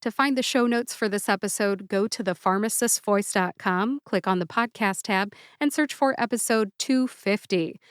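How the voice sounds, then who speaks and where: A woman hosting a pharmacist's podcast, speaking deliberately and spelling out syllables in a scripted educational style. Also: mid-range voice, clear, resonant tone, dry recording, studio quality. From United States.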